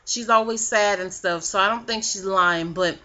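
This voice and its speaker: A woman's voice: medium pitch, normal speed, bright, forceful tone. A woman vlogging a casual recap of a reality show, sassy and profane in her gossip. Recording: dull lo-fi webcam audio.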